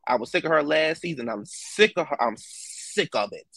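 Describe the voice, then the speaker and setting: A man's voice: fairly high pitch, expressive, moderate pace, creaky, a bit bright, dry recording, faint music behind. A man hosting a casual reality TV recap, blunt and profane, ranting and stretching out words for emphasis. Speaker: TV recap host.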